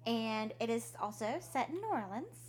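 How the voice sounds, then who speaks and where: A woman, her voice sitting a little high, relaxed and chatty as she tells a creepy tale on her podcast. She drops in a swear word here and there and slips into the characters' voices for their lines. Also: normal speed. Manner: laughs often, swears casually, acts out quotes. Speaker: podcast co-host. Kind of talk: casual storytelling chat.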